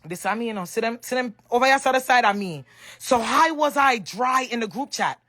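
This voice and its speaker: A woman's voice: on the high side, animated, a little fast, fairly bright tone. A Jamaican woman in an emotional, crying rant on a livestream, emphatic and repetitive, raising her voice at times. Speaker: social media personality.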